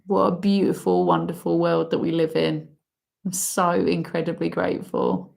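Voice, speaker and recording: A woman's voice: fairly low pitch, animated, vocal fry, a little mellow. A woman giving an emotional spoken oracle card reading, heartfelt and full of sighs. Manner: slow, heartfelt, breaks into emotional laughs and sighs.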